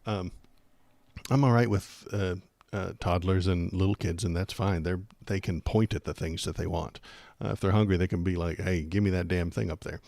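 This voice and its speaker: A man's voice: low voice, fairly even intonation, moderate pace, gravelly, darkish tone, no echo. A man hosting a political livestream, chatting casually and rambling with jokes and lots of fillers.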